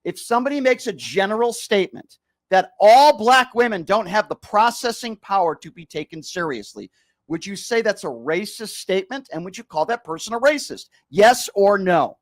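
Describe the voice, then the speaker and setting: Arguing with a caller on his call-in program, a male radio host turns sarcastic and combative and keeps interrupting. The voice is high and animated, at a moderate pace.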